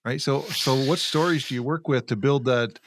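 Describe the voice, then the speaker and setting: A man's voice: medium pitch, moderate pace, a little hiss or hum. Man co-host asking a question. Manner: conversational, checking in with "right?". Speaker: podcast co-host. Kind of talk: interview questions.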